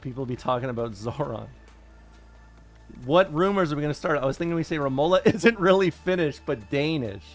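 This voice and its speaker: Chatty streamer man, wry and fast. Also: a little high, animated, soft background music. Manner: wry, chatty, quick to deny and joke. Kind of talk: casual chat with viewers.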